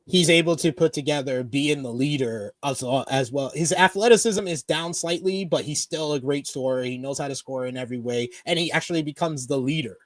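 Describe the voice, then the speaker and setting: Animated man, dry close mic. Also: fairly high pitch, a little fast, hardly any pauses, dry recording. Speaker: co-host of wrestling review show. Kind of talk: casual podcast chat.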